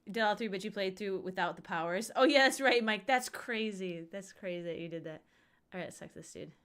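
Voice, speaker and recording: A woman's voice: mid-range voice, lively intonation, moderate pace, long pauses, clear, resonant tone. A woman in her thirties streaming a game, chatting casually and rambling playfully. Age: 30s. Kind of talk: casual livestream chat.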